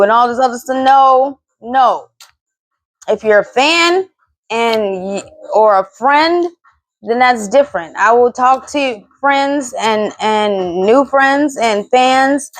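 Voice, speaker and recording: A woman's voice: on the high side, no room sound. A woman in her thirties hosting a solo podcast, ranting bluntly and with lots of swearing. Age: 30s. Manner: blunt, profane, exasperated ranting. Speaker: podcast host.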